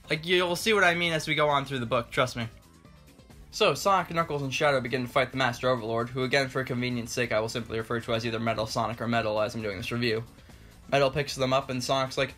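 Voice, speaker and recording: A man's voice: medium pitch, fast, bright, forceful tone, soft background music. A man giving a casual, joking spoken review, loosely paraphrasing what happens with lots of "like". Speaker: comic book reviewer.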